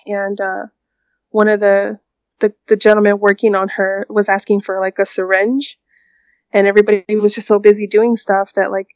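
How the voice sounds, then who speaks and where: A young woman tells a painful personal story in a halting way, leaning on fillers and restarting her sentences. Her voice sits at an ordinary middle pitch. It is recorded dry and sounds a little muffled. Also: no room sound. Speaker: guest recounting a personal experience.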